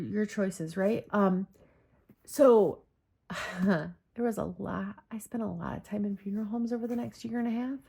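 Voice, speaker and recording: A woman's voice: mid-range voice, darkish tone. A woman vlogging casually about her journals, rambling and correcting herself as she talks, close to tears. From Michigan, USA. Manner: rambling, self-correcting, many fillers. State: holding back tears. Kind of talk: casual personal talk.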